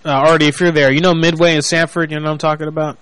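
Joking, teasing man with a higher voice. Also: level tone, fairly bright tone, slight background noise, poor audio. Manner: joking, rapid, teasing, mock-indignant. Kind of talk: casual crude talk with prank calls.

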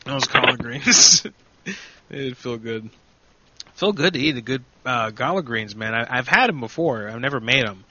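A man's voice: medium pitch, lively intonation, moderate pace, bright, forceful tone, no room sound. A man hosting a casual prank-call radio show, rambling with laughs and crude banter. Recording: dull lo-fi sound with music behind.

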